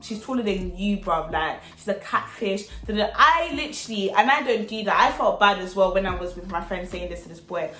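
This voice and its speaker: A young woman telling a storytime vlog in an animated, slangy, chatty way. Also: medium pitch, a little fast, few pauses, reverberant. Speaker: vlogger.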